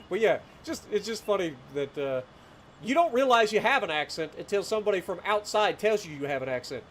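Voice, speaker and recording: A man's voice: high voice, very animated, normal speed, slight background noise. A man in his late thirties with a rural southeastern Ohio accent, chatting casually and telling rambling stories on a gameplay livestream, with frequent chuckles. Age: late 30s. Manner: rambling storyteller, chuckles often, greets chat.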